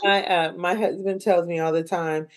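A woman with a Southern US accent hosts a relaxed interview podcast. Her voice sits on the low side, and she fills the talk with soft agreeing murmurs and small laughs. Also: normal speed. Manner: warm backchannels, soft laughs. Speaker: podcast host. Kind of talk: casual interview chat.

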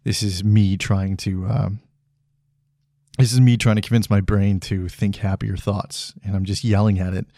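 The podcast host, a man in his thirties, speaks alone in a mellow voice on the low side, with a flat delivery at a moderate pace. Frustrated and blunt, he swears freely and keeps breaking off to restart, and the studio sound is clean with no room sound.

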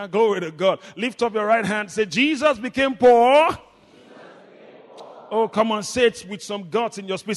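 A man preaching a sermon, leading the congregation in call and response, swinging between shouts and low murmurs. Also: big-room sound. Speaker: pastor.

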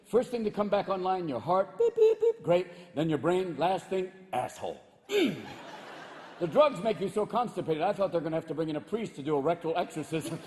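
A man's voice: sits high, expressive, quick pace, few pauses, darkish tone, in a large hall. A male stand-up comedian performing live, manic and profane, jumping into voices. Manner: manic, swearing, leaps into voices. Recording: live stand-up with crowd laughter and noise.

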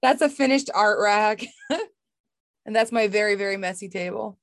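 A woman's voice: medium pitch, moderate pace, dry recording. A young woman from Massachusetts with a Boston accent, chatting casually about her woodworking and laughing often. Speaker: woodworking artist. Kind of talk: casual video call chat.

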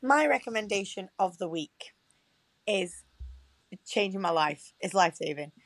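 A woman's voice: mid-range voice, animated, measured pace, no room sound. A young woman co-hosting a casual podcast, chatty and sweary, often laughing. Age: young adult. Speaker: podcast co-host.

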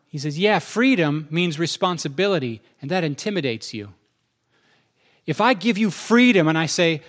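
A man's voice: a little high, very animated, moderate pace, fairly bright tone. A male pastor preaching a sermon, acting out both sides of his conversations with God.

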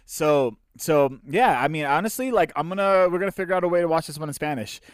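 A young man hosting a gaming podcast, chatting casually with many fillers and quick agreements. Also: fairly high pitch, no room sound, clean studio sound. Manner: relaxed, filler-heavy, quick agreeing asides. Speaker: podcast host. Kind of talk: casual chat.

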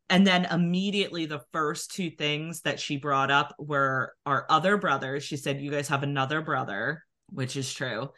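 A woman with a Philadelphia accent tells a long personal story on a podcast, dropping "like" into almost every phrase. Her voice sits low yet sounds crisp and bright. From New Jersey near Philadelphia. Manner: chatty storytelling, many "like" fillers. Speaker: podcast co-host. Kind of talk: casual chat.

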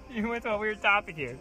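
A man's voice: high-pitched, pushed and bright, rough recording. A man on a casual podcast recorded on a phone, answering in a shy, evasive way and laughing nervously. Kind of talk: casual chat.

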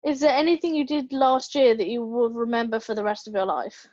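A woman's voice: on the high side, fairly even intonation, a little fast, a little mellow, muffled recording. A woman hosting a podcast, asking brief, friendly questions and backing the guest with short murmurs. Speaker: podcast host. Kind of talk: interview questions.

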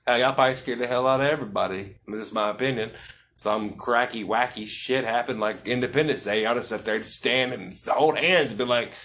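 A man's voice: mid-range voice, brisk, a bit bright, a little hiss or hum. A man hosting a podcast interview, joking, rambling and swearing freely. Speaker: podcast host. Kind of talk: casual interview chat.

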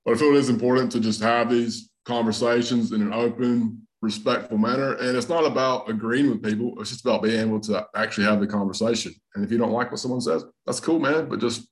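A man's voice: mid-range voice, steady tone, quick pace, few pauses, low-quality recording. A man, a comedian guest on a podcast, chatting casually and rambling, tagging "man" and "bro" onto his sentences. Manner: rambling, laid-back, says "man" and "bro" often. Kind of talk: casual chat.

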